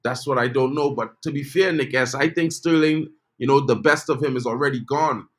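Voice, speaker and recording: A man's voice: medium pitch, moderate pace. A man hosting a casual live-stream football chat, talking loosely with lots of "you know" and reading viewer comments aloud. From Trinidad and Tobago. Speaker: football channel host.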